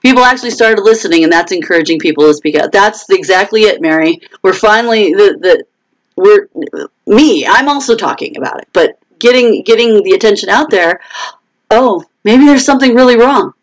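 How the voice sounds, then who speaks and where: Woman host, live casual chat, very lively pitch, quick restarts, answers viewers by name. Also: low-quality recording. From United States. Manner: animated, quotes others in raised voices; frequent restarts and laughs. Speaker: author hosting a live chat.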